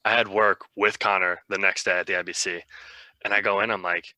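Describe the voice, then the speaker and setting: Young man, low voice, very bright tone, rambling self-mocking storyteller, casual podcast. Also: little pitch movement, brisk, no room sound. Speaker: podcast co-host.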